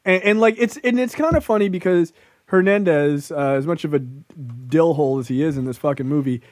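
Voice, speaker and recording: Man, film podcast co-host, slightly high voice, dry close sound, casual and profane. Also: brisk, no room sound. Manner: loose and profane, laughs often, quotes characters.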